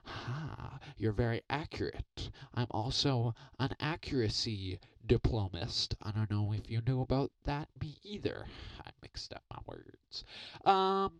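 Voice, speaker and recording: A man riffing as a guest in an improvised comedy podcast bit, rambling in a deadpan, absurd, boastful way. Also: medium pitch, no room sound, low-quality recording.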